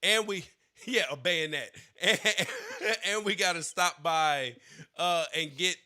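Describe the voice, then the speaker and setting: A man co-hosting a sports podcast in casual, animated chat, joking and laughing. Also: high voice, takes it slowly. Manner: animated, laughing, says bro a lot. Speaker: podcast co-host.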